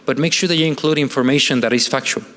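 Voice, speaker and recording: A man's voice: medium pitch, quick pace, fairly bright tone. A man giving a conversational presentation to a church audience, often asking rhetorical questions and ending points with "right?". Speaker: church family seminar speaker. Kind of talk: presentation talk with slides. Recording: long hall reverb.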